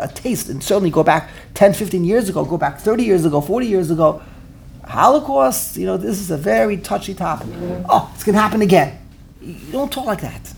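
A man with a gravelly, fry-edged voice gives a lively Torah lecture in English, tripping over repeated words as he builds his point. Faint noise sits under his voice. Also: sits high. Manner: animated, repeats words while searching for phrasing. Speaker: Torah teacher.

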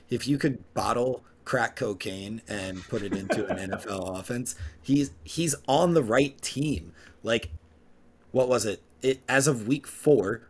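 A man co-hosting a podcast, giving emphatic, opinionated takes in casual chat. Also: medium pitch. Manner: emphatic, opinionated, jumps between fast and drawn-out phrasing. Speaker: podcast co-host.

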